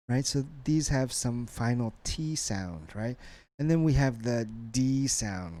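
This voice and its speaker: A man's voice: medium pitch, unhurried, darkish tone, dry recording. A man teaching a college English lesson, prompting students with a repeated "right?" after each cue word.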